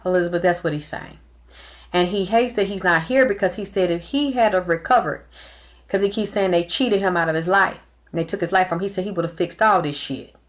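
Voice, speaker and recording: A woman giving a live-streamed tarot and spirit reading, talking earnestly and emotionally, often repeating herself. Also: mid-range voice. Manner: close to tears at times. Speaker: tarot reader and psychic.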